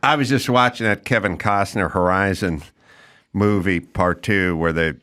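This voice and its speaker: A man's voice: deep voice, moderate pace, a bit bright, clear, resonant tone. A man hosting a podcast in a studio, riffing sardonically in casual comedic chat. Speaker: podcast host.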